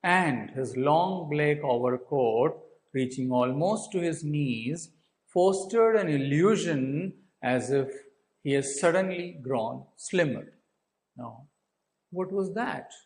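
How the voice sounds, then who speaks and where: Slow Indian English teacher. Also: male voice, a little high, expressive, rough recording. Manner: asks and answers his own questions; restates points, fills with uh and so. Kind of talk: explaining a textbook story to students.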